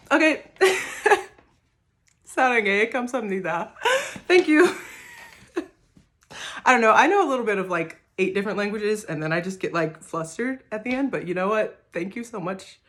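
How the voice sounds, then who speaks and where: A woman singer-songwriter talking casually to the camera, soft-spoken and rambling, with many hesitant fillers. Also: medium pitch, animated, moderate pace, long pauses.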